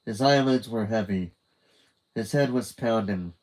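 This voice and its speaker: A man's voice: lowish voice, unhurried, darkish tone, rough recording. A man narrating a children's book in a live reading. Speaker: reader.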